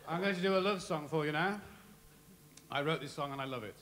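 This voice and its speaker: High-voiced male comedian, deadpan. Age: 30s. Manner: deadpan, quick absurd asides. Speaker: stand-up comedian. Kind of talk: live stand-up comedy routine. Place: comedy stage before a live audience.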